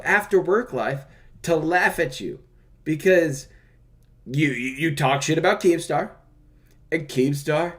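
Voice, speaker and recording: A man hosting a livestream, pausing a clip to mock its speaker with profane, taunting commentary. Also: fairly high pitch. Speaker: commentary streamer.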